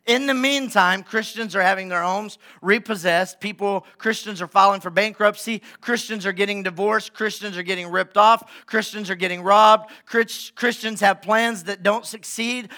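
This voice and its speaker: A man's voice: high voice, normal speed, hardly any pauses, bright, forceful tone. A man pastor preaching a conversational, emphatic sermon and often checking in with the congregation.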